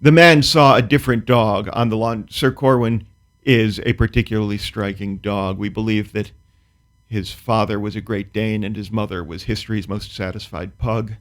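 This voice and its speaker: A man's voice: on the low side, fairly even intonation, normal speed. A man, a comedian guest, telling a comic story in a dry, precise, wry way, then chatting casually about his work. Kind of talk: casual talk-show chat.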